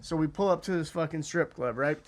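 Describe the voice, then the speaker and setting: Lively young man telling a rowdy story. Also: a little high, fairly quick. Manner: animated storytelling, acting out quoted voices, heavy swearing. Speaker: podcast guest telling a story. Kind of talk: casual chat.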